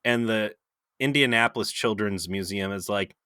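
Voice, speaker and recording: A man's voice: fairly low pitch, moderate pace, bright, forceful tone, clean tone, no echo, clean studio sound. A man co-hosting a podcast in casual, joking chat, talking through a cold with rambling asides. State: has a cold. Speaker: podcast co-host.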